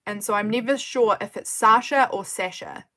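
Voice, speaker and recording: A woman's voice: medium pitch, fairly even intonation, a little fast, a bit bright. Chatty woman crafting on a livestream. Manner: chatty and rambling, often laughing, apologetic. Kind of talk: casual live chat while crafting. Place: home craft desk.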